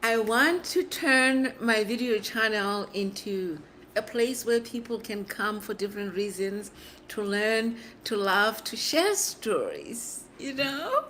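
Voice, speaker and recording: A middle-aged woman hosting a casual livestream, chatting playfully with viewers and laughing often, her voice hoarse. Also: a little high, a bit bright, a little hiss or hum. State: hoarse from screaming. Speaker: livestream host.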